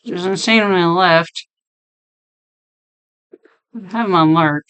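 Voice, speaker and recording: Female streamer, casual chat with chat; low, clear voice gone deep and hoarse from illness. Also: slow, fairly bright tone. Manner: chatty, laughing, talks to chat by name. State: losing her voice, deep sick voice.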